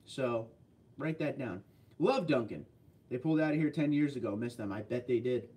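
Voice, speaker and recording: A man hosting a casual livestream, chatting with viewers and telling rambling stories with quick asides. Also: mid-range voice, expressive, a little mellow, far from the mic. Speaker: livestream host reading viewer chat.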